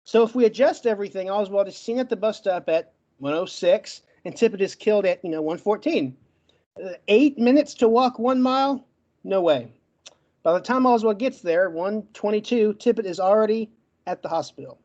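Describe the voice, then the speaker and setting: A man giving a debate closing argument in a rapid, list-like way, with a stutter that makes him get stuck on words. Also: high-pitched, expressive, darkish tone, muffled recording. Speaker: debate participant.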